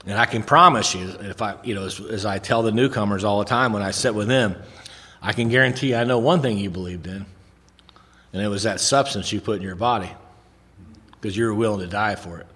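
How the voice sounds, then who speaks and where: A man's voice: fairly low pitch, brisk, bright, forceful tone. Man sharing in a reverberant hall. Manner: earnest storytelling with repetitions and restarts. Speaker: recovery speaker. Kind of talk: recovery meeting share.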